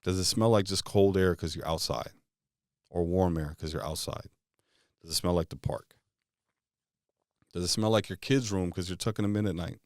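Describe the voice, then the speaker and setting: Man, very low voice, dry close sound, guided visualization, rapid-fire casual questions. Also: dry recording. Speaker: motivational speaker.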